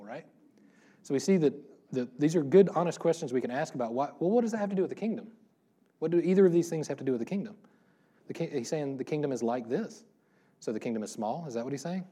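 A man's voice: medium pitch, dark tone. A man pastor giving a casual, interactive sermon, asking the congregation questions and laughing often. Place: church room before a congregation.

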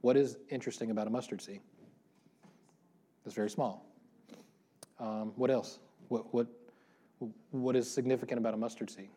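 A man's voice: medium pitch, steady tone, normal speed, long pauses, warm tone. A man pastor giving a casual, interactive sermon, asking the congregation questions and laughing often. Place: church room before a congregation.

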